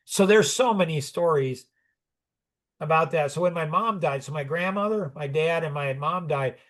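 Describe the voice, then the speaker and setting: A man's voice: fairly high pitch, normal speed, a bit bright. A man in his sixties telling personal stories in conversation, rambling and reflective, often restarting and chuckling. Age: 60s.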